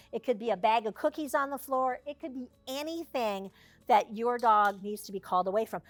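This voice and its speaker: A woman service dog trainer leading a hands-on class, chatty and down-to-earth with joking asides. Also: high voice.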